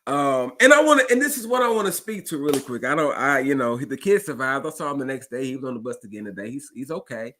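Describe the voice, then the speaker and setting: Animated, bright-voiced man telling a story. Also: fast talker, hardly any pauses. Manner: animated, acts out dialogue with big pitch jumps; conversational, addresses listeners directly. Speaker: school bus driver and show host. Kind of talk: casual storytelling monologue.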